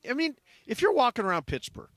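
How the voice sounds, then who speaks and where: A man's voice: very high-pitched, sing-song, fast, a bit bright, no room sound, clean studio sound. A man hosting a sports talk radio show, chatting casually and rambling with plenty of fillers.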